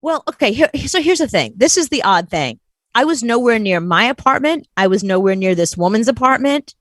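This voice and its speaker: A woman's voice: a little high, brisk, no room sound. A woman co-hosting a show, telling a story in casual chat and acting out the people she quotes. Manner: animated, acts out quoted voices. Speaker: co-host.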